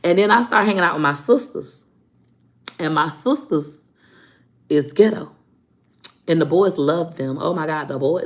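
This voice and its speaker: Hosting a livestream, a woman in her thirties from Florida chats frankly and laughs as she tells stories about her life in a casual way. Her voice sits low, her pace is a little slow, and she leaves long pauses.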